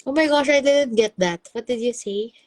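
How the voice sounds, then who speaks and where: A Filipino woman hosting a casual live chat, talking brightly, laughing often and reading viewer comments aloud. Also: a little high, moderate pace, no room sound. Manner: bubbly, chatty, laughs often, mixes languages. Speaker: host and life coach.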